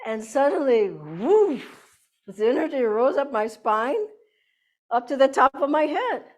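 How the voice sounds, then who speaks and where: A woman's voice: sits high, a little slow. Older woman telling spiritual stories. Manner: lively anecdotal storytelling, laughing often. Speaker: spiritual teacher. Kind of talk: inspirational satsang talk.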